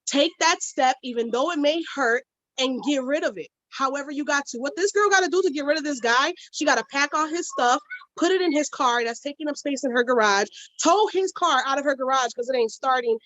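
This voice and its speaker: Woman, high voice, blunt, slangy, animated storyteller, casual chat. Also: brisk. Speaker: podcast co-host.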